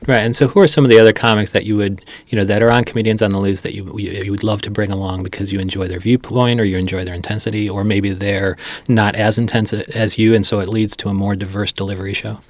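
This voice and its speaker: A man's voice: lowish voice, level tone, fast talker, few pauses, dry recording. A man hosting a casual interview, asking long, rambling questions. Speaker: podcast host. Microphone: studio mic.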